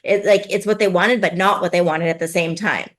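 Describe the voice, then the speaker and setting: A woman parenting coach explaining advice in conversation, lively, often acting out what parents and kids say. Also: fairly low pitch, a little fast. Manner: animated, acts out parent and child voices.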